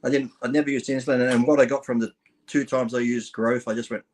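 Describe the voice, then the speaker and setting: A man's voice: medium pitch, steady tone, quick pace, a little hiss or hum. An Australian man in his fifties, a guest trading irreverent crude jokes in casual banter. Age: 50s. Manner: irreverent, tells dirty jokes with put-on character voices.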